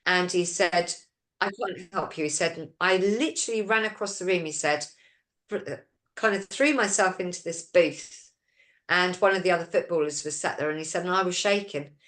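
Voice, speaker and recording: A woman's voice: lowish voice, moderate pace, fairly bright tone. A woman, hosting a casual chat show, telling a long anecdote full of quoted dialogue. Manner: storytelling, retelling quoted dialogue; reads listener questions aloud. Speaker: host.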